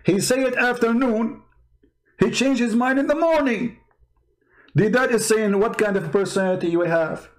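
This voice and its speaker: A man's voice: very high voice, moderate pace. A man giving mocking, emphatic commentary on video clips as a show host.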